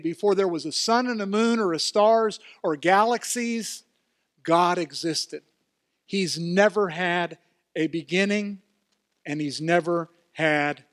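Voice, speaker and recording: An older man preaching a sermon as pastor, emphatic and building to loud exclamations. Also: fairly high pitch, dry recording, clean studio sound. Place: church.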